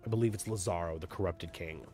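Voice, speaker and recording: A fast-talking man with a voice that sits low runs a livestreamed tabletop game as DM. He greets chat and recaps the story in an animated, rambling manner, repeating himself, while soft music plays behind.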